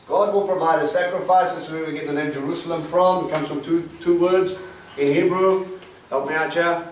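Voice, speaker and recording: A man leads a Bible study in a fairly high voice, explaining Hebrew words and putting questions to his class. He sounds far from the mic in a very echoey room. A faint hiss runs under him. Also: fairly even intonation, moderate pace. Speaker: Bible teacher.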